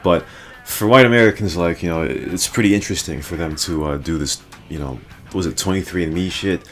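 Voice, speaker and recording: A man's voice: low-pitched, a little fast, soft background music. A man hosting a casual podcast chat, rambling with many fillers and laughing often. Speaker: podcast host.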